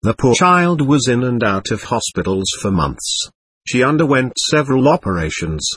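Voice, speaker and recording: A man reading a spiritual text and story aloud in a measured, earnest, solemn way. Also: medium pitch, sing-song, fairly bright tone, husky, dry recording. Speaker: narrator.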